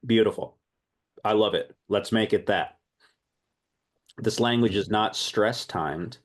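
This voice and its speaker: Man, very low voice, language teacher, thinks out loud, repeats himself. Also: slow pace. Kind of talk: online group class.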